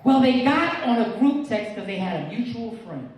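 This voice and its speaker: A man telling stand-up comedy stories in an animated, slangy way, acting out voices from his stories. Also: very high-pitched, normal speed. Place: live event hall. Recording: echoey room from far off with loud crowd.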